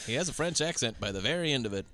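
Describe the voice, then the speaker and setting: A man hosting a podcast, recapping a film in casual chat with quick jokes, often slipping into mock voices. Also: mid-range voice, lively intonation, sharp tone. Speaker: podcast host.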